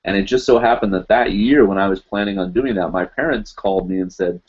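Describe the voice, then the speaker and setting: A man in his forties from the United States talks casually to a live-stream audience. His voice sits low, and he rambles with many fillers. The sound is a little muffled and lo-fi. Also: fairly quick, a little mellow, husky.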